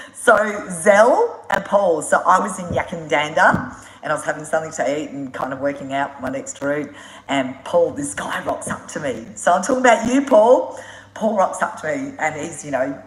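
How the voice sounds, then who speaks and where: Low-voiced woman, roomy echo. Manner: animated and blunt, swears freely, laughs often. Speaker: motorbike traveller hosting a live Q&A. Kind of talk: casual live-stream storytelling.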